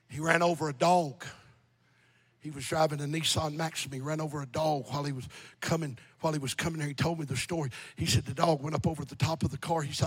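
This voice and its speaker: A man preaching a sermon, swinging between shouted appeals and hushed, tearful tones. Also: on the high side, steady tone, fast talker, husky, in a large hall.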